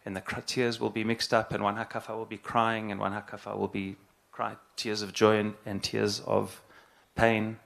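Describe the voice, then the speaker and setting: A middle-aged man, a rabbi, giving an earnest, halting spoken address and repeating phrases for emphasis. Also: fairly low pitch, level tone, vocal fry, fairly bright tone.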